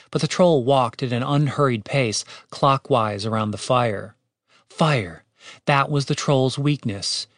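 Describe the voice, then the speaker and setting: A man narrating an audiobook in a steady, wry way. His voice sits at a middle pitch and is recorded close and dry. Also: dry recording. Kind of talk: scripted narration.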